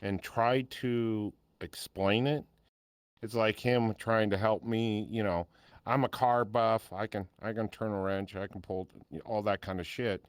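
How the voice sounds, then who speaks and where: A man's voice: fairly low pitch, fairly even intonation, measured pace, smooth, no echo, clean studio sound. An older man co-hosting a podcast, chatting bluntly and telling stories, with casual swearing. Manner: blunt, swears freely, storytelling.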